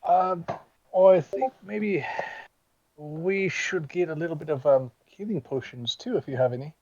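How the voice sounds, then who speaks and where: A man's voice: on the high side, measured pace, a little mellow. A man playing a tabletop role-play character, polite and hesitant with many ums. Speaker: player. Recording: dull lo-fi audio.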